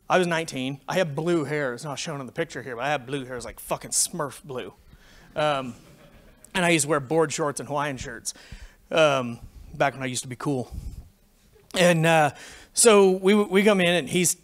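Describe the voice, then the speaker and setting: A Canadian man in his forties giving a conference talk, telling a tech story full of swearing. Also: on the high side. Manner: swears freely, animated storytelling. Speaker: conference speaker. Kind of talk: profane anecdotal tech talk.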